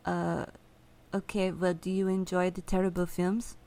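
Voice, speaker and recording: A woman's voice: lowish voice, level tone, unhurried, warm tone. A woman comedian telling a rambling, self-correcting story in casual chat, laughing at her own jokes. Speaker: comedian guest. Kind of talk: casual chat, comic anecdote.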